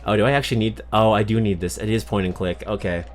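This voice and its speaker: A man's voice: fairly low pitch, quick pace, few pauses, faint music behind. A man from Massachusetts doing casual game commentary as a streamer, joking, swearing and poking fun at himself. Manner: joking, swears, self-mocking.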